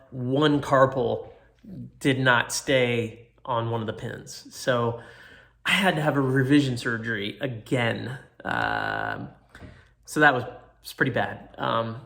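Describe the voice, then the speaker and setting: A man's voice: mid-range voice, creaky, fairly bright tone, echoey room. A man casually telling a long story in a rambling, self-deprecating way. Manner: rambling, self-deprecating, quotes people in their own voices. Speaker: motorcycle track rider recounting a crash.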